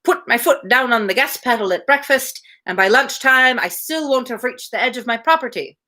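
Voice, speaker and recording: A woman's voice: fairly high pitch, animated, normal speed, pushed and bright, voice pushed up. A woman voicing a chatty little man in a pub who tells jokes and muses aloud, now and then rolling an R. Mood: storytelling. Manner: talkative, joke-telling, faint rolled R. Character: chatty little male pipe-smoker in a pub.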